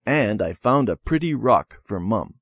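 A man's voice: fairly low pitch, expressive, unhurried, husky, dry recording, full character voice. A man voicing a defiant young boy in a storybook lesson.

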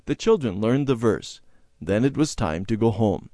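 A man reading a children's Bible story aloud in a measured, clear storytelling manner. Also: fairly low pitch, lively intonation, dark tone, no echo, clean studio sound.

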